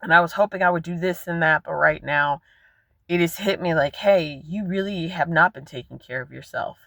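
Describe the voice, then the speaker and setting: A woman in her forties records a candid vlog from her car, rambling and swearing freely. Her voice is bright and forward. The sound is dry and close, with no room echo. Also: fairly low pitch, normal speed, gravelly. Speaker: vlogger.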